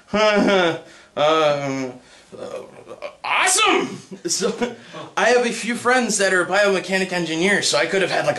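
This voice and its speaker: A young man doing a stand-up set for a live crowd, halting with many ums and uhs and breaking into high put-on voices. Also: fairly bright tone. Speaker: stand-up comedian. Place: comedy stage with a live audience.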